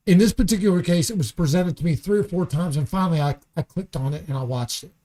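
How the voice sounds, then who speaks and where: A man's voice: a little high, fast, dark tone. Heated, swearing man on a podcast. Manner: heated, emphatic, swearing freely. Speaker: comedian guest. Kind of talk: podcast conversation. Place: studio.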